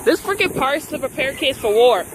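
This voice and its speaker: A high-voiced woman talks in a slangy, excitable way to her handheld camera as she walks around an outdoor playground. Loud outdoor ambience fills the background. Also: normal speed. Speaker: vlogger. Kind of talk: casual vlog chat. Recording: outdoor noise behind.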